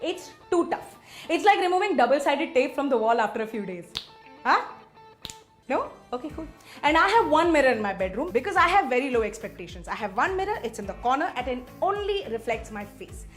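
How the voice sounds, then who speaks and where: Brief: young woman stand-up, high voice, rapid self-mocking delivery. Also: very animated, faint music behind. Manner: sarcastic, self-deprecating, rhetorical questions. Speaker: stand-up comedian. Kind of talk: stand-up comedy.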